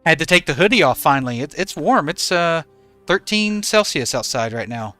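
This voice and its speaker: A man's voice: fairly high pitch, big pitch swings, normal speed, pushed and bright, no echo, faint music behind. A man streaming a game from home in regional Australia, easygoing as he greets and thanks viewers by name. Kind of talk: live stream chat with viewers.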